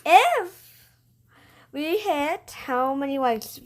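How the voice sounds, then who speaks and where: A woman co-hosting a casual gameplay video in a high voice. She rambles excitably and restarts her sentences often. The talk is loose and chatty throughout. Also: very slow. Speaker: gaming channel co-host.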